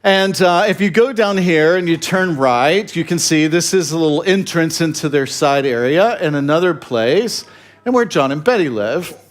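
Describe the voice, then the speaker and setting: A male pastor with a fairly high-pitched voice tells a story in his sermon. He talks casually, with fillers and restarts. He pokes fun at himself and chuckles along the way. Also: animated, normal speed. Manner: humorous, self-deprecating, chuckling asides.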